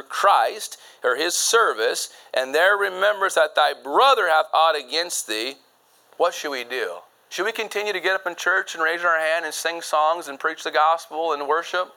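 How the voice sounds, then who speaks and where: A man preaching a sermon, emphatic, jumping from loud high points to low quiet asides, and reading scripture fast in old-fashioned phrasing. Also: rough recording. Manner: reads scripture in fast King James phrasing.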